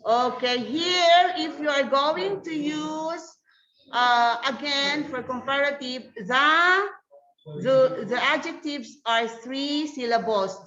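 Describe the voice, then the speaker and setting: Woman teacher talking real slow n patient, kinda high voice, echoey dull room sound. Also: a bit bright. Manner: slow, patient, calls on students by name. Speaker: English teacher. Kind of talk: online grammar lesson.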